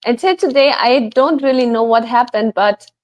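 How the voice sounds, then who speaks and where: A woman guest, a healer, telling a personal story in a chatty, animated way, full of fillers. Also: a little high, moderate pace, slight background noise. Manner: animated, chatty, many fillers like "like" and "you know". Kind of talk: casual storytelling.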